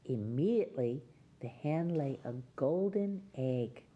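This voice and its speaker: A woman hosting a children's show, reading a fairy tale aloud in a gentle, sing-song way and speaking to young children. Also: low voice, expressive, a little slow, dull audio.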